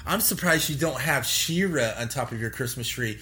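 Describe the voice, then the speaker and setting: A man in a casual, jokey chat who gets excited and laughs a lot. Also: medium pitch, moderate pace, a crowd in the background.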